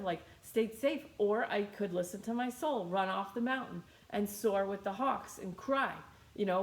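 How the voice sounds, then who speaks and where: A woman's voice: mid-range voice, roomy sound. A woman teaching a guided meditation in a casual, chatty way, often repeating her phrases.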